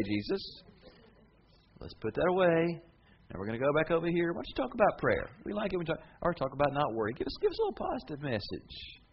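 A pushy, wheedling disciple, brash and bossy, as a preacher acts him out. He talks down to his friend and lectures him in an everyday man's voice. The recording is a little muffled, with faint room noise behind it. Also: a little high.

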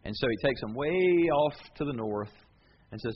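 A man's voice: on the low side, big pitch swings, moderate pace, dull audio, a little hiss or hum. A man pastor preaching a sermon, retelling scenes in a colloquial, dramatic storytelling way.

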